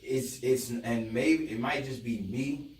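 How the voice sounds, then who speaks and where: A man in casual podcast chat, animated and profane, acting out both sides of an argument with his partner. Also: mid-range voice, takes it slowly, reverberant, far from the mic, low-quality recording. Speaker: podcast guest. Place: podcast studio.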